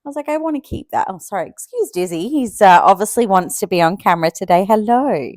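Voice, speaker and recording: A woman's voice: mid-range voice, expressive, fast talker, darkish tone, dry recording, clean studio sound. Chatty young woman vlogger. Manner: chatty, many fillers and likes, laughs often. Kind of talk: casual chat to camera.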